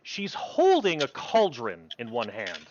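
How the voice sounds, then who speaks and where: A man's voice: medium pitch, huge pitch swings, measured pace, a little mellow, lo-fi sound, slight background noise. A man narrating a tabletop game as game master, rambling with many fillers and restarts.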